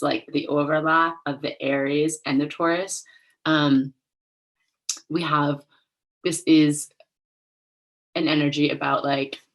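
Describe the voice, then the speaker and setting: Low-voiced chatty young woman host. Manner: chatty, rambling, heavy use of "like"; openly emotional, laughs at herself. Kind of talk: casual solo show chat.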